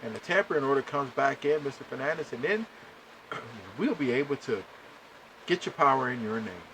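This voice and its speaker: A man's voice: medium pitch, lively intonation, normal speed, a bit bright, slight background noise, close to an everyday voice, poor audio. A man voicing a male utility company representative who speaks in a patient, bureaucratic way. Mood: officious.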